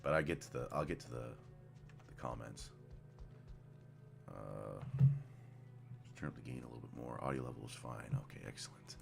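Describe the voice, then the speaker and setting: A man with an extremely deep voice rambles through casual live-stream commentary at his computer mic. He swears freely and trails off into mumbled asides. Faint game music runs underneath. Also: normal speed, creaky, pauses often.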